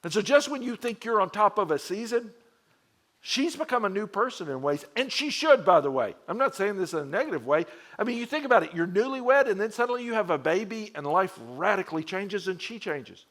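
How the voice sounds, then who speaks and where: Middle-aged guy pastor, preaching to men like he's just chatting, slightly high voice, tells stories and acts out the quotes. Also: fairly quick. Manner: conversational storytelling with acted quotes; animated, shifting pitch and loudness. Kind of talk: sermon to a men's group.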